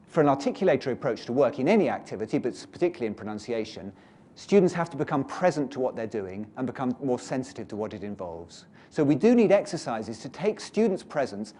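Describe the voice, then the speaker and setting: A man's voice: mid-range voice, dark tone. A British man giving a workshop lecture to teachers, explaining and leading the audience through exercises. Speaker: teacher trainer.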